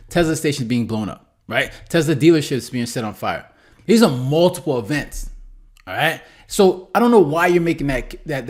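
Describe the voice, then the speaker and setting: A man hosting a commentary channel, talking casually about a clip, rambling with many restarts and asking "right?" again and again. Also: mid-range voice.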